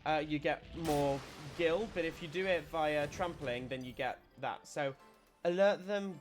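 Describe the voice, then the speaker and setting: A man's voice: a little high, a little slow, faint music behind. A man streaming a video game, giving casual commentary as he explains tactics, often restarting his sentences.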